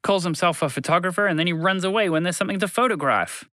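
Blustering gruff editor, as a man puts him on. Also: sits high, fast talker, no room sound, studio quality. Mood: griping. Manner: shouting, brash, cutting. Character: blustering male newspaper editor, gruff and insulting.

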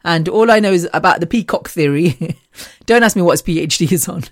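A woman hosting a podcast, telling rambling personal stories in a chatty, animated way and laughing often. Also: lowish voice, fairly quick, no echo, studio quality. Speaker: podcast host.

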